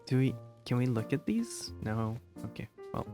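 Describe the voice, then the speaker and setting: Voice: medium pitch, sing-song, moderate pace, few pauses, warm tone, soft background music. A streamer giving live commentary while playing a drawing game, musing aloud, laughing often and trailing off.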